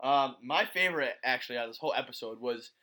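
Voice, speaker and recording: A man's voice: medium pitch, fast, sharp tone. A young man co-hosting a podcast, talking bluntly and sarcastically in casual chat. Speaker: podcast co-host.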